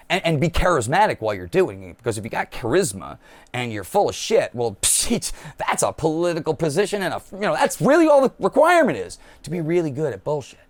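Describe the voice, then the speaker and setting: A man rants bluntly and profanely in a monologue, mocking people by quoting them. His pitch swings widely as he talks. His voice sits a little high. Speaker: political commentator. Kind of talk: impassioned monologue.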